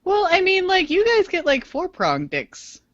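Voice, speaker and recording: A woman's voice: very high voice, wildly swooping pitch, measured pace, no room sound. A woman co-hosting a podcast in casual chat, speaking English as a second language, teasing and giggly. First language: not English. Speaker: podcast co-host. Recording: dry, slightly dull podcast audio.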